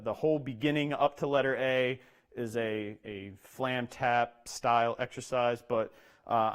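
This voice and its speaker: Male drum instructor, mid-range voice, patient step-by-step teaching, calls out rudiments rhythmically. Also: medium pitch. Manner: explains step by step, says "okay?" often, speaks rudiment names in a rhythm. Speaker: percussion instructor. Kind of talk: instructional talk with demonstration.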